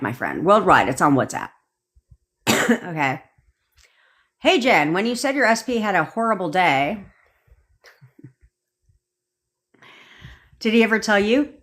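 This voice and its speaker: A woman's voice: fairly low pitch, fairly bright tone. A woman manifestation coach on a live stream, ranting bluntly and swearing casually while answering viewers' comments.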